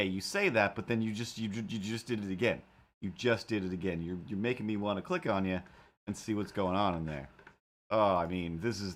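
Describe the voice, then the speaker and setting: A man hosting a casual livestream, rambling and talking to his streaming software and his animated cat helper. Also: on the low side. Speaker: livestream host and cartoonist.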